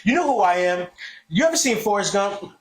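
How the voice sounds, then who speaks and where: A man hosting a casual comedic podcast, telling a story with loud rants and low mutters. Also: expressive, brisk, echoey room. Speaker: podcast host.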